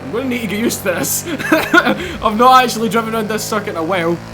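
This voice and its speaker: Excitable male gamer, high voice, gameplay commentary with game music behind. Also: fast. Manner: excitable, laughing, exclamatory. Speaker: gaming YouTuber.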